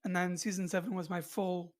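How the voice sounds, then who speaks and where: A woman's voice: fairly low pitch, fairly even intonation, fairly quick. A woman hosting a podcast in casual chat, rambling with many fillers and restarts. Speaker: podcast host.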